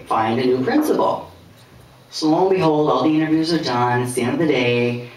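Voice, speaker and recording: Guy doing a stand-up set, chatty rambling stories, distant mic, faint room hum behind. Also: medium pitch. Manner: conversational, anecdotal, with filler pauses. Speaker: stand-up comedian. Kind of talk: stand-up storytelling. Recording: echoey room heard from a distance.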